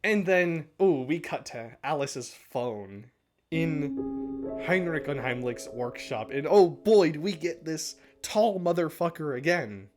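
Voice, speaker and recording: A man with a fairly high, expressive voice speaks slowly, recapping and commenting on an episode like a podcast analyst. He's casual and chatty, laughs often, and swears now and then, with music playing underneath.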